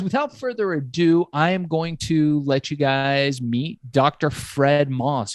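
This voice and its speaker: Animated, emphatic male podcast host. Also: mid-range voice, dry recording. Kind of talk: conversational podcast interview.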